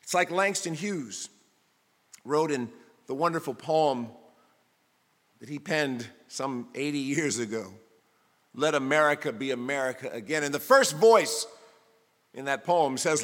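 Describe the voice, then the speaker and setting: A man preaching a sermon with a high, bright, forceful voice. He talks emphatically and builds toward shouting. Long reverb trails through the hall. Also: lively intonation, unhurried, long pauses.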